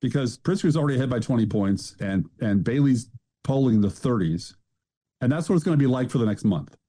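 A man's voice: mid-range voice, expressive, a little fast, warm tone. A man co-hosting a show in casual chat, with dry, sarcastic remarks. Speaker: show co-host.

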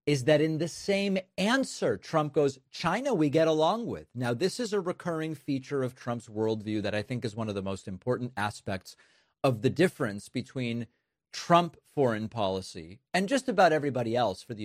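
A man's voice: mid-range voice, expressive, moderate pace, no room sound, studio quality. A man giving sarcastic political commentary on news clips, mocking what he plays.

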